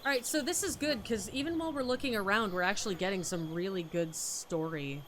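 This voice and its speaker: A woman streamer playing a game, chatty and excited, swearing casually as she comments. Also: medium pitch, a little fast, a little hiss or hum. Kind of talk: game let's play commentary.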